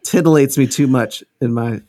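A man's voice: mid-range voice, normal speed, mellow. A man co-hosting a podcast in casual chat, rambling and trailing off mid-thought with many restarts. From American South. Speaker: podcast co-host.

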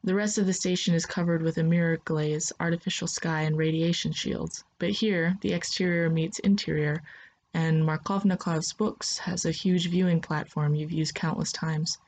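A woman narrating a second-person story in a soft, steady voice. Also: low voice, normal speed, slight background noise.

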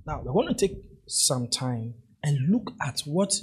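A man's voice: fairly high pitch, very animated, a little slow, breathy edge. A man preaching a sermon as pastor, hammering key phrases through repetition and drawing the congregation in to repeat and answer.

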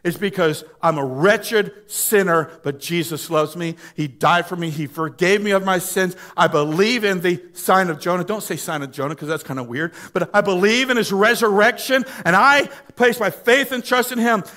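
Male pastor, high bright voice, passionate pleading sermon delivery, calls for congregation responses. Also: moderate pace, few pauses. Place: church sanctuary.

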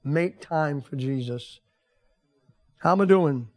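A man's voice: fairly high pitch, slow pace, darkish tone. An older man, a pastor and grandfather, preaching a folksy, conversational sermon to his congregation in a church. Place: church sanctuary.

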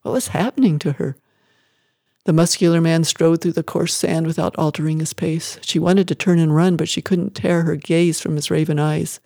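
In scripted audiobook narration, a reader tells a story in a measured, expressive manner. The mid-range voice is recorded at studio quality with no room sound.

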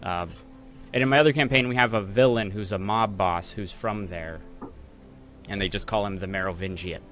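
A man running a tabletop session, easygoing and relaxed as he asks players about their characters. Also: fairly low pitch, normal speed, faint music behind. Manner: easygoing, laughs readily. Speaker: game master. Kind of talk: casual chat running a session.

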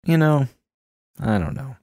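A man co-hosting a casual chat about a film, animated and laughing often. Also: medium pitch, unhurried, no room sound, clean studio sound. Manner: animated, laughs often, acts out quoted lines. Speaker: film podcast co-host.

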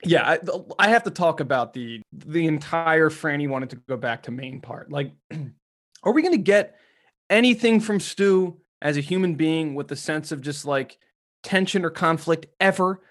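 Animated, exasperated man swearing freely. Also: a little high, normal speed. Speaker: podcast co-host. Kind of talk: casual TV review chat.

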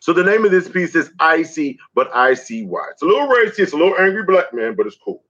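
A high, bright male voice recites spoken word poetry. His pitch swoops widely through rhythmic, dramatic lines. The audio is dull and lo-fi. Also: big pitch swings, fast.

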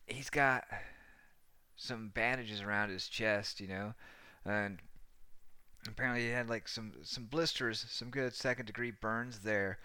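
A young man recounts a rowdy anecdote in loose, rambling fashion, swearing and laughing as he goes. His voice is bright and forceful, recorded dry and close. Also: lowish voice, no echo. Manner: rambling, profane, laughing often. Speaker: storyteller. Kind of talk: casual anecdote telling.

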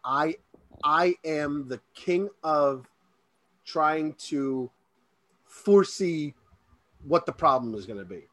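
A man's voice: on the high side, lively intonation, slow, long pauses, fairly bright tone, no room sound. A man in casual chat, cutting in with wry, teasing questions.

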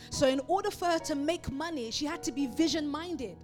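Emphatic high-voiced woman preaching. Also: a little fast, hardly any pauses, over music. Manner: emphatic, repeats phrases for rhythm. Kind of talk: sermon.

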